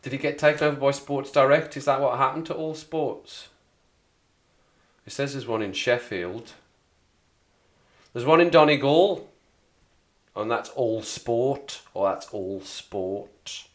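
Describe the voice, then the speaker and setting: A man's voice: medium pitch, measured pace, long pauses. A man from the Black Country with a local accent, chatting casually and rambling on a livestream. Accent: Black Country English. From England, Black Country. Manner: rambling, chatty, repeats himself. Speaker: livestream host. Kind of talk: casual chat with live chat.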